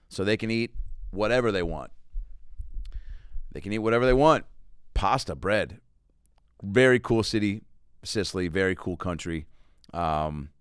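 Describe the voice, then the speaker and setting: A man's voice: on the low side, a bit bright, smooth, no echo, clean studio sound. A man hosting a comedy podcast, telling loose, profane travel stories and riffing with silly voices. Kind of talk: casual comedic monologue.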